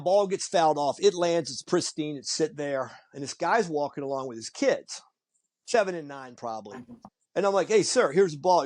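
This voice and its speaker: Male podcast host, fairly high voice, animated storyteller who acts out the people he quotes. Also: no echo, clean studio sound. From Virginia Beach, US. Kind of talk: casual conversation.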